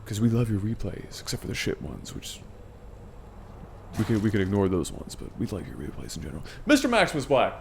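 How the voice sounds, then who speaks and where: A man's voice: lowish voice, very animated, a little fast, vocal fry, a little mellow, slight background noise. A man casting a video game match in a casual, joking, irreverent way, swearing now and then. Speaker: game commentator. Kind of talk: casual esports commentary.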